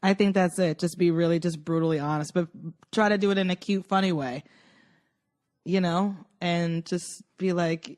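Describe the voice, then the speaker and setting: Woman, podcast co-host, earnest advice, fairly low voice. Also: normal speed, darkish tone. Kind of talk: casual podcast chat.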